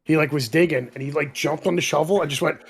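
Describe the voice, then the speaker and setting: A man's voice: on the high side, fast talker, a crowd in the background. A man in casual podcast chat, telling stories with lots of laughter and animation. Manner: animated storytelling, laughing often. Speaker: podcast co-host.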